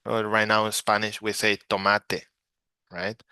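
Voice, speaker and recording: A man's voice: lowish voice, completely flat delivery, unhurried, bright, forceful tone, clean tone, no room sound. A man from Mexico teaching Spanish vocabulary from slides, repeating each word patiently so learners can practice. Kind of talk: slide-based language lesson.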